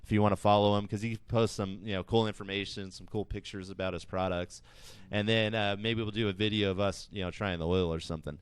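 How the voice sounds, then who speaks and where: Smooth low-voiced male podcast host. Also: steady tone, quick pace, dry recording, clean studio sound. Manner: rambling, laughs at his own stories. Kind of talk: casual podcast chat.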